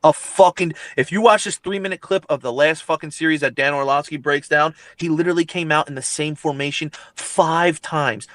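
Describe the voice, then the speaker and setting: A man's voice: a little high, brisk, few pauses, a bit bright, no echo. A man hosting a sports talk show, ranting heatedly and swearing constantly about his team. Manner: profane, ranting, emphatic. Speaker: podcast host.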